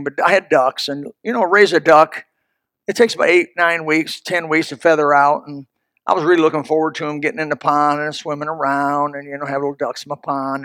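A man's voice: a little high, a bit bright, no room sound, studio quality. A man pastor preaching a sermon in an emphatic, folksy, storytelling manner.

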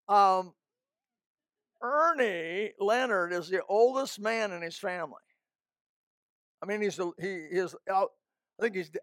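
A man's voice: sits high, no echo, clean studio sound. An older man preaching a folksy, emphatic sermon, breaking into snatches of hymns.

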